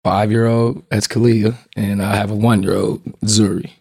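A young man and father, a guest speaking in a relaxed, earnest and soft-spoken way. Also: lowish voice, normal speed, vocal fry, breathy edge, no room sound, clean studio sound. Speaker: guest, father and youth baseball mentor. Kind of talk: casual conversation.

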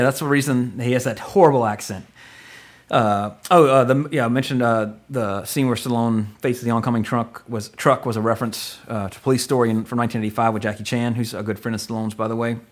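A man co-hosting a casual movie podcast, rambling through trivia and getting excited and joking as he goes. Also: mid-range voice. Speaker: podcast co-host.

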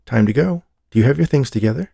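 A man doing a brisk young mother. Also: mid-range voice, lively intonation, gravelly, warm tone, husky, no room sound, studio quality, pitched above the performer's own voice.

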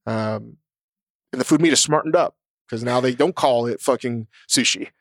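A man's voice: mid-range voice, moderate pace, no echo, clean studio sound. A man co-hosting a podcast in casual chat, blunt and profane, a chef talking about his restaurants.

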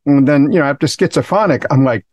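A man's voice: a little high, fast, darkish tone, no echo, highs cut off. A man who works as a recording engineer, telling stories as a podcast guest in an easygoing, rambling way full of fillers. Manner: easygoing, rambling, many "you know" fillers. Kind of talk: conversational interview storytelling.

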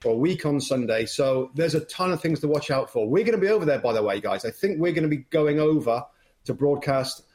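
An Englishman who works as a football broadcaster, a guest on the show, talking in a lively, upbeat way. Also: fairly high pitch, a little fast. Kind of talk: casual interview chat.

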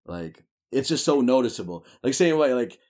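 A man's voice: mid-range voice, expressive, moderate pace, a little mellow. A young man with a New York accent, chatting casually as an interview guest, slangy and laid-back with many fillers. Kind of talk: casual chat.

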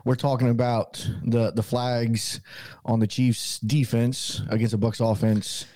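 A man hosting a sports podcast, walking through game plays in a measured, casual way. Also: mid-range voice, level tone, warm tone, no echo. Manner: measured, breaks down plays with restarts. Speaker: podcast host.

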